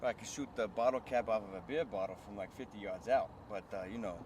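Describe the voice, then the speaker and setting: A man's voice: fairly low pitch, fast, background noise, close to an everyday voice. A man playing a cocky sheriff's deputy in a comedy sketch, with brash tough-guy patter, recorded outdoors. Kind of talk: improvised comedy sketch acting.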